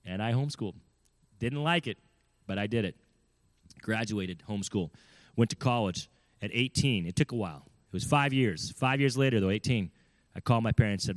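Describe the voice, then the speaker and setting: A man's voice: fairly low pitch, normal speed, no room sound. A man telling a personal story in an earnest, emphatic way, often asking his listeners questions. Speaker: speaker giving parenting advice. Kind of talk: storytelling talk.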